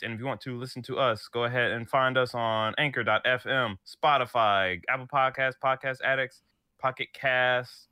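A man's voice: mid-range voice, pushed and bright, clear, resonant tone, no echo, clean studio sound. A man co-hosting a podcast, joking around in casual banter and laughing often. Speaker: podcast co-host.

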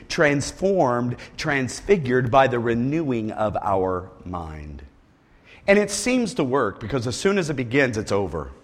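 A man preaching a sermon in a high, expressive voice that climbs and dips widely. He moves from hushed asides to loud emphatic bursts and restarts phrases as he goes. The sound carries a long hall reverb, as in a church sanctuary. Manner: animated preaching, swings from quiet asides to loud shouted lines. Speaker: pastor.

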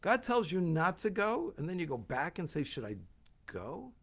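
A man giving a sermon, telling a biblical story with lively asides and putting on voices for its characters. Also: high voice, normal speed. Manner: animated, acts out voices in the story.

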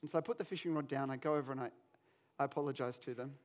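A male pastor preaching a sermon, telling a personal story in an animated, self-deprecating way. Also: medium pitch, very fast.

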